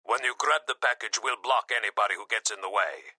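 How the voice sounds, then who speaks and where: A man's voice: on the low side, brisk, sharp tone, no echo, voice pushed up. A man voicing an accented male henchman who gives short, urgent reports.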